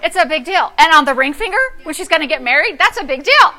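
Some chatter can be heard behind a middle-aged woman pastor who preaches quickly in a high voice. She tells a story in her sermon with sassy, animated delivery that shifts from hushed to loud.

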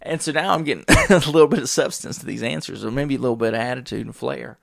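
A man's voice: mid-range voice, fast, vocal fry, no room sound, clean studio sound. A man hosting a podcast, telling a rambling comic story in a crude, digressive way and laughing at his own jokes. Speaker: podcast host.

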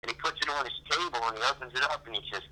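A man's voice: mid-range voice, very fast, bright, forceful tone, rough recording. A man telling his story as a guest in an interview, rambling and heated, often repeating himself and quoting what others said. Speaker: guest, father of a fallen soldier.

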